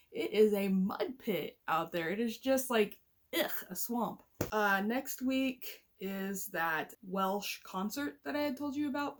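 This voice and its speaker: Chatty woman from Missouri vlogging. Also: medium pitch. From Missouri, US Midwest. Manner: chatty and rambling, laughs easily. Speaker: vlogger and family caregiver. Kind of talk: casual chat to camera. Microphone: camera mic at home.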